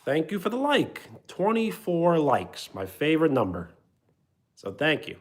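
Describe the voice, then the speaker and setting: Male stream host, playful and chatty with viewers, somewhat high voice with a very animated delivery. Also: unhurried. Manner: playful, chatty, jokes with chat. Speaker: livestream host. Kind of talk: casual chat greeting viewers.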